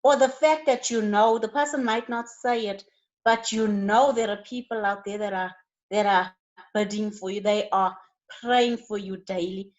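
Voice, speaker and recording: A woman's voice: mid-range voice, steady tone, normal speed, muffled recording. A woman guest giving an earnest faith testimony in an interview, preaching with rising bursts of emphasis.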